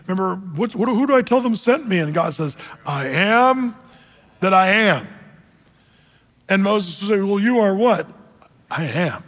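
Reading scripture in old-fashioned language, a man with a high, somewhat bright voice gives a casual sermon to a men's group as their pastor. The recording carries a long reverb, as in a hall.

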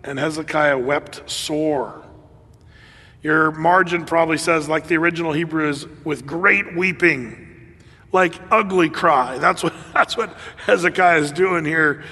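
A man preaching a sermon in a conversational, animated way, with laughs and fillers. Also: fairly high pitch, unhurried, in a large hall. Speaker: pastor.

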